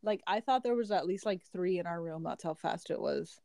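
A woman's voice: fairly low pitch, a little fast, creaky, dark tone, no echo, studio quality. A young woman co-hosting a podcast, talking in a laid-back, wry casual chat full of fillers. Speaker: podcast co-host.

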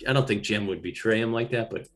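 Low-ish male host, casual rambling recap, faint music under. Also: fast talker. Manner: rambling retelling with many restarts, laughs easily. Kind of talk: casual film recap chat.

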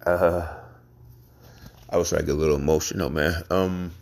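A man hosting a podcast, telling his own story in a casual, halting way with frequent pauses and restarts. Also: low voice, fairly even intonation, gravelly. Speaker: podcast host.

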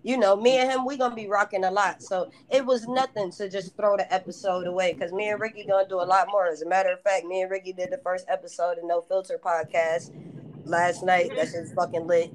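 A woman's voice: fairly low pitch, level tone, slight background noise, low-quality recording. Profane woman podcast host. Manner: profane, blunt, rapid-fire retelling. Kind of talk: casual storytelling chat.

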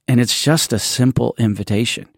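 A man's voice: mid-range voice, moderate pace, gravelly, no room sound, clean studio sound. A man hosting a casual church podcast, rambling through a story with many restarts and asides. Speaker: podcast host.

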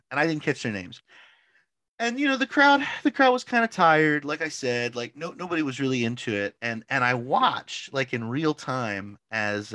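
This podcast co-host has a bright, forceful, mid-range voice and spins a long, wandering story full of "like" fillers, laughing a lot along the way. The sound is echo-free.

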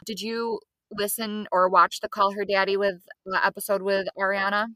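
Chatty bright-voiced woman podcast co-host. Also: mid-range voice, little pitch movement, moderate pace, dry recording, clean studio sound. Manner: chatty, agreeable, laughs along. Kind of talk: casual chat.

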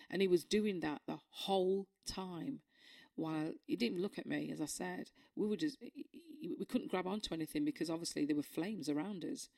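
A woman sharing a personal faith testimony, earnest and emotional, halting with many fillers and restarts. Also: on the low side, vocal fry, darkish tone.

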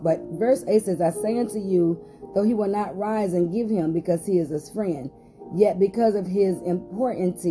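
A woman pastor hosting a short podcast Bible study, reading scripture aloud with rising emphasis and some hesitant fillers. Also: on the low side.

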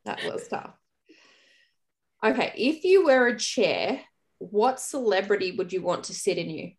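A woman's voice: mid-range voice, sing-song, normal speed. A woman in casual chat, wry and storytelling.

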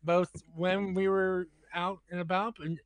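A man's voice: high-pitched, little pitch movement, unhurried, dry recording. A man in casual group chat, bluntly telling a story and acting out both sides of the dialogue. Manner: blunt, profane.

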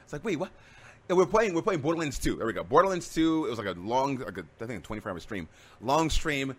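Fast-talking man telling stories. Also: mid-range voice, husky. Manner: rambling, animated storytelling with many restarts. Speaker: streamer. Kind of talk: casual chat.

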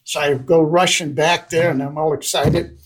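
An older man from the Netherlands, a guest in an interview, telling a personal story in a lively way and acting out the lines of the people in it. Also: on the high side, normal speed, breathy edge, poor audio. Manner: animated storyteller who acts out dialogue. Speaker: guest investor.

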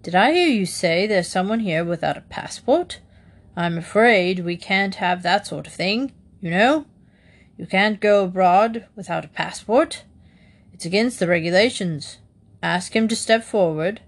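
A woman's voice: mid-range voice, animated, a little slow. A woman voicing a stern, suspicious male passport official.

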